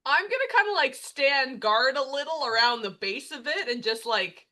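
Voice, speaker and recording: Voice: high voice, animated, moderate pace, bright, forceful tone. A player in a tabletop game, playful and laughing often while explaining their character. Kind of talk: casual tabletop game chat.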